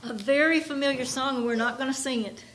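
A woman preaching a sermon, reading song lines slowly and with emphasis, often restarting her sentences. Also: sits high, fairly bright tone, slight background noise. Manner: slow, emphatic reading with drawn-out words.

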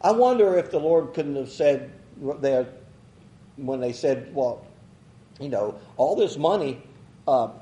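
A man's voice: fairly high pitch, mellow, roomy sound, poor audio. A man preaching a folksy, rambling sermon, chuckling and acting out quotes as he goes.

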